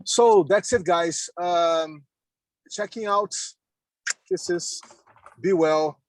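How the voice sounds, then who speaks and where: Halting man on a video call. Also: sits high. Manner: halting, repeats words, laughs often. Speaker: meeting participant. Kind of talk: casual video call chat. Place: in a car on the road.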